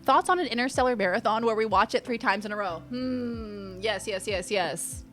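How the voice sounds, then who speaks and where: Young woman, live-stream host, casual chat, reacts to chat messages, excited outbursts, soft music in the background. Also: a little high, moderate pace. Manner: chatty, reads and answers chat, bursts into squeals.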